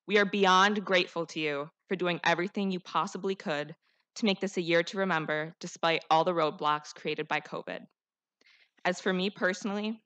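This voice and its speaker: A woman's voice: fairly low pitch, fairly bright tone. A teenage girl, the class salutatorian, giving an earnest, heartfelt and rousing graduation speech at a podium microphone. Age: teens. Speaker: student speaker, salutatorian.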